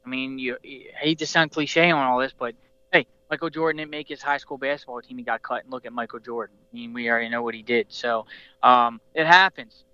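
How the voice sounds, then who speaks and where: A man's voice: mid-range voice, fairly even intonation, brisk, bright, forceful tone, smooth, no echo, highs cut off. A man hosting a casual sports talk show, rambling passionately like a devoted fan and restarting his sentences often. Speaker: podcast host.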